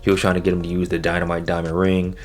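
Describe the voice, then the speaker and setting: A low-voiced man talks through a wrestling episode in a relaxed, slangy way. He sounds like he is chatting with friends. His pitch jumps up when he gets excited. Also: very fast. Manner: laid-back slangy talk, animated swings in pitch. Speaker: wrestling show reviewer. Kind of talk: casual solo review recap.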